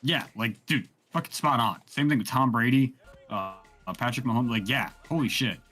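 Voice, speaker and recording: Animated, swearing man chatting over a game. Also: mid-range voice, moderate pace, faint music behind. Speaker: gamer streaming with a friend. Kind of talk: casual chat while gaming.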